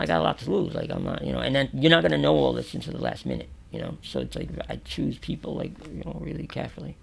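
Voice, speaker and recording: A man's voice: medium pitch, vocal fry, a little hiss or hum. A man from New York, an interview guest, telling prison stories casually, swearing freely and acting out what people said. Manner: animated, acts out quotes with loud exclamations, swears freely. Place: radio or podcast studio.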